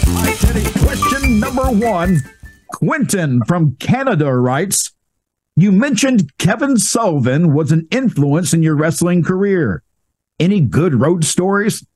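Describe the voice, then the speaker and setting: A man's voice: high-pitched, sing-song, unhurried, darkish tone, slightly rough, no room sound, faint music behind. A man hosting a casual podcast, asking questions and reading listener email in an easygoing way. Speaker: podcast host. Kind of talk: casual interview chat.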